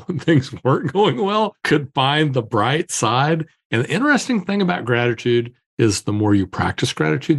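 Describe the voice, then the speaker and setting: A male podcast host wraps up the interview with reflective, encouraging words. His pitch sits in a typical middle range. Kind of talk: interview wrap-up.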